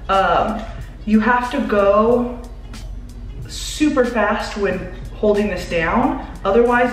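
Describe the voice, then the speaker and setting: A young woman vlogging a home room makeover, chatting and explaining as she works indoors. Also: mid-range voice. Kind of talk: casual vlog narration. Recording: echoey bare room.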